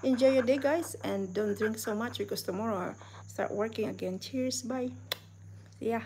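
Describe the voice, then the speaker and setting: A woman talking through an unboxing vlog in an upbeat, chatty way, using simple phrasing. Her pitch sits in an ordinary middle range. The recording carries clear background noise. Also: normal speed, darkish tone. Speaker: vlogger. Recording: noisy home video recording.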